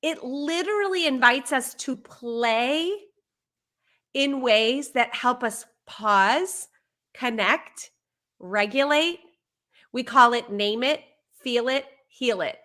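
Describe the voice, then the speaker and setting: A woman speaking as a parenting educator in conversational advice on a live stream, animated and acting out what a parent or child might say. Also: high voice, slow pace.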